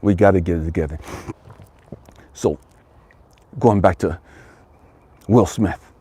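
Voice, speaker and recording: A man giving an impassioned motivational monologue as a life coach, profane and emphatic, repeating his phrases and dropping from loud to hushed. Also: sits low, slow, slightly rough.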